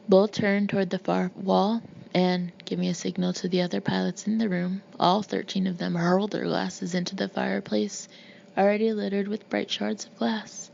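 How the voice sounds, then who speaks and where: A woman reading a novel aloud as narrator, in a steady storytelling manner. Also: medium pitch, moderate pace, vocal fry, dull audio, a little hiss or hum. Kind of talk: audiobook narration.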